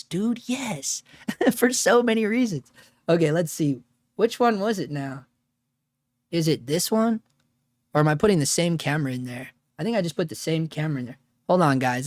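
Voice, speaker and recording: A man's voice: on the high side, no echo, clean studio sound. A man hosting a casual live stream at home, rambling, joking and often laughing at himself while reading chat. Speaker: livestream host.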